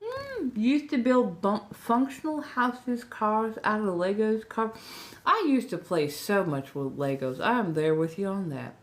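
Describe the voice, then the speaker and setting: A woman with a Southern US accent hosting a relaxed livestream chat. She talks softly, slips into whispers, and rambles with restarts while speaking without her upper denture. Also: medium pitch, a little slow. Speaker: ASMR livestream host.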